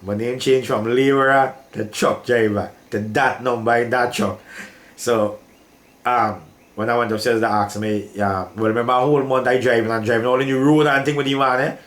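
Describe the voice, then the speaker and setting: With a steady, fairly bright, medium-pitched voice at normal speed, an older Trinidadian man shares an emotional work story. His telling is casual and repetitive, peppered with "boy" aimed at the listener, and the recording is reverberant.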